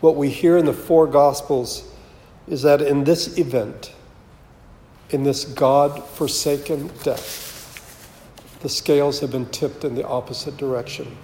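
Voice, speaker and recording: A man giving a slow, measured, solemn sermon as pastor, reading scripture aloud. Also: mid-range voice, fairly even intonation, dark tone, a little hiss or hum. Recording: roomy with long reverb.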